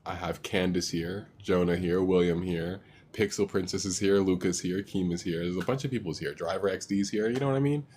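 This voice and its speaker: A man runs a live stream with a relaxed, slangy, joking way of talking, shouting out viewers as he goes. His voice sits somewhat low. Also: fairly quick, few pauses, a little hiss or hum. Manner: loose and joking, slangy, laughs often. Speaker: livestream host. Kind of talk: casual live stream chat.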